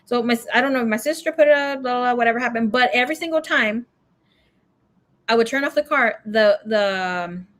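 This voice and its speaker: A woman's voice: a little high, brisk, fairly bright tone. A young woman hosting a tarot livestream, telling stories in a frank, profane, chatty way and slipping into Spanish phrases. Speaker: tarot reader livestream host. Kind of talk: casual storytelling chat.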